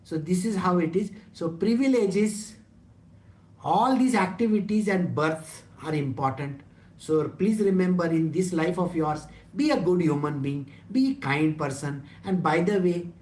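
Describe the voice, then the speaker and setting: A teacher leads a satsang discourse at a mid pitch. The talk is casual and full of rhetorical questions. The room adds a noticeable echo. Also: darkish tone. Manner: conversational, asks rhetorical questions, jokes. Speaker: spiritual teacher. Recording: roomy echo.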